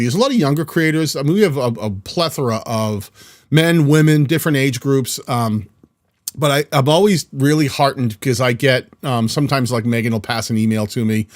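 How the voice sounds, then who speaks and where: A man's voice: mid-range voice, no echo. A man in his fifties with a New England accent, hosting a video editing channel and chatting casually through a live stream from his home studio. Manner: chatty and rambling, with frequent restarts. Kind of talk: casual live-stream chat reading comments.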